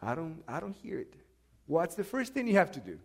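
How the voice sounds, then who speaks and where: A man preaching a sermon, swinging between loud, urgent outbursts and hushed asides, and asking the congregation questions. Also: fairly high pitch, huge pitch swings, brisk, vocal fry. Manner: asks the congregation questions and has them repeat.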